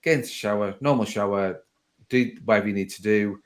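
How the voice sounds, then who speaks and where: A man's voice: on the low side, quick pace. A man hosting a podcast, chatting casually in a rambling, conversational way and often correcting himself mid-sentence. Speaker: podcast host.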